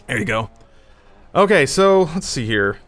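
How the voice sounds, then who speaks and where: An American man hosting a casual podcast, fast and jokey, sometimes reading ad copy. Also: medium pitch, sing-song, a bit bright. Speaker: podcast host.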